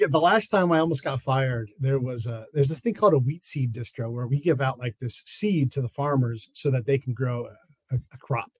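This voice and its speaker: A man's voice: mid-range voice, breathy edge, no echo. A man, a guest on an interview show, casually telling stories of his work in Afghanistan and acting out what people said. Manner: animated storyteller acting out quotes. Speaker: guest, former intelligence officer in Afghanistan.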